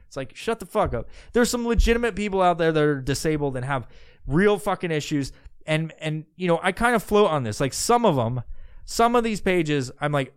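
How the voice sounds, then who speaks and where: Crude ranting man, clear voice. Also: on the high side, expressive, brisk, dry recording, studio quality. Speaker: podcast host. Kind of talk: profane comedic rant.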